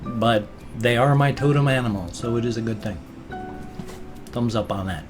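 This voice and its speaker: A middle-aged man chatting casually in a daily home vlog, rambling and playful with deadpan jokes, recorded on a webcam. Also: medium pitch, moderate pace, over music. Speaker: daily vlogger. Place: at home, indoors.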